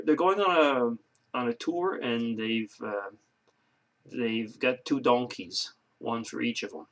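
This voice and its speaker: A man's voice: mid-range voice, a bit bright. A man chatting casually to his camera for a video blog, rambling through a joke with lots of fillers and restarts. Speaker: video blogger. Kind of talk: casual vlog chat.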